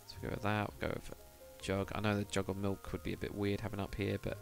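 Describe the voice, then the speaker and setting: Guy streaming a build, low-ish voice, mutters along, answers chat, quiet music underneath. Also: monotone, quick pace, creaky. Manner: rambling, thinks aloud, mutters to himself; reads out and answers viewer chat. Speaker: live streamer. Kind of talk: casual live stream chat while building in a game.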